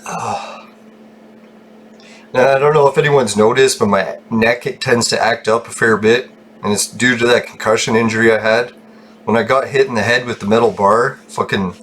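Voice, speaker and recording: A man's voice: medium pitch, a bit bright, a little hiss or hum. Rambling foul-mouthed man. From Canada. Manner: rambling, profane, laughs often. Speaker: gaming channel host. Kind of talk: casual chat while gaming.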